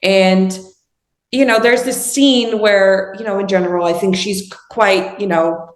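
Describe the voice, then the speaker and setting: A woman's voice: mid-range voice, steady tone, unhurried, roomy sound. A woman from the Netherlands, speaking English with a Dutch accent as a filmmaker guest in a casual interview, thoughtful and often searching for words.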